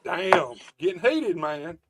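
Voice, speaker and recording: A man's voice: high-pitched, very animated, slow, a crowd in the background. A man, hosting a casual wrestling podcast chat in a loose, profane, laid-back way. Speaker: podcast host.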